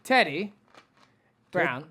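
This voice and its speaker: A man's voice: on the high side, very animated, extremely slow, pushed and bright, husky. A man co-hosting a comedy podcast, rambling through stories with restarts and dry jokes. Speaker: podcast co-host. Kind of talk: casual comedic banter.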